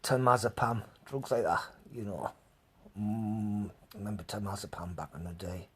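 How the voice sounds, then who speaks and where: A man's voice: on the low side, normal speed, a bit bright, breathy edge. A man hosting a live stream, telling rambling stories to his chat, laughing often and swearing freely. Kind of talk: casual storytelling to live chat.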